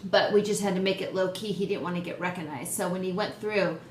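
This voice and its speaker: Excitable chatty woman in an echoey room. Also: on the low side, fast. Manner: excitable, chatty, self-deprecating. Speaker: host. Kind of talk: casual vlog chat. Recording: roomy echo, faint background noise.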